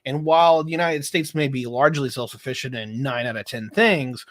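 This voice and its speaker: Guy explaining fuel prices n stuff, mid pitch, dead dry mic. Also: a little fast, no echo. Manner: explanatory, talks through current events at length. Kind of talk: casual live-stream commentary.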